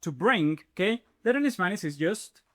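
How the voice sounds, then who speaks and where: Guy teaching spanish online, energetic, keeps saying okay? right?, kinda high voice. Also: moderate pace. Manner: explains step by step, addressing viewers as "you guys". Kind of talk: online language lesson.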